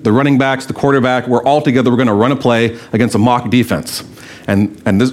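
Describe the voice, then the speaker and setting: Conversational male pastor preaching. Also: medium pitch. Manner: conversational, rhetorical questions, storytelling. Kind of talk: sermon.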